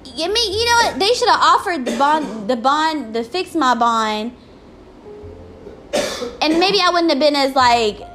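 High-voiced woman venting, profane. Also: a bit bright. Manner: profane, exasperated ranting. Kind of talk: casual venting vlog.

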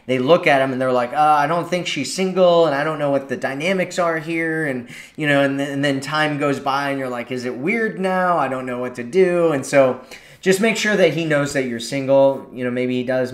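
A male dating coach talks through his advice in a loose, chatty podcast monologue. He keeps slipping into short acted-out quotes. His voice sits at a middle pitch for a man, and the recording has a noticeably roomy echo. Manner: casual, chatty, acts out quoted lines.

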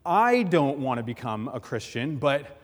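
A man's voice: medium pitch, sing-song, measured pace. A man voicing a frightened atheist caught by a bear, sheepish and pleading, with a long hall reverb.

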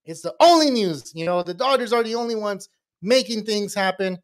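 A man with a high, light voice co-hosting a baseball talk show. He talks in a loose, rambling way and laughs often. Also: a little fast. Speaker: podcast co-host. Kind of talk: casual sports chat.

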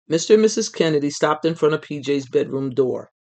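Expressive children's storybook reader. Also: mid-range voice, fairly quick. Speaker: storyteller reading a children's book. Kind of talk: read-aloud children's story narration.

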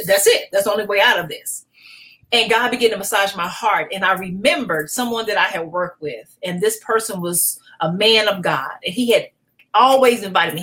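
Middle-aged woman pastor, podcast guest; emotional, animated testimony, frequent restarts. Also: medium pitch, poor audio. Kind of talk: personal testimony in a podcast interview.

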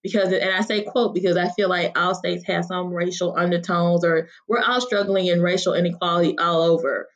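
A woman's voice: fairly low pitch, steady tone, fairly quick, few pauses. A woman from Mississippi, a guest on a podcast, talking in an earnest, heartfelt way with many fillers. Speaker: podcast guest, chapter member. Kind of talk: casual interview talk. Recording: dull lo-fi sound.

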